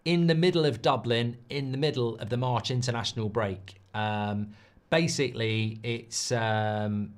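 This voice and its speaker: A man's voice: medium pitch, steady tone, a little slow. Man hosting a casual football watchalong. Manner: chatty, reads out viewer messages. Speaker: football livestream host.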